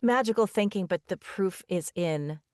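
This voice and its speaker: A woman hosting a podcast interview, speaking in an earnest, soft-spoken and affirming way. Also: medium pitch, moderate pace, no room sound, studio quality. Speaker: podcast host. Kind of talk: conversational interview.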